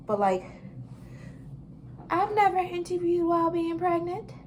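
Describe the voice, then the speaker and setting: A woman's voice: very high-pitched, sing-song, a little slow, slight background noise. A pregnant woman, chatting animatedly with viewers in a casual storytelling vlog and laughing often. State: pregnant, briefly out of breath. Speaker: vlogger.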